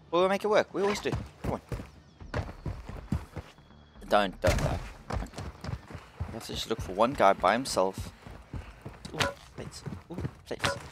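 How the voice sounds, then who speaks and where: A man doing casual gameplay commentary who gets excitable, swears and yells when frustrated. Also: on the high side, moderate pace, pauses often, background noise. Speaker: gamer. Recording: game music playing behind. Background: music.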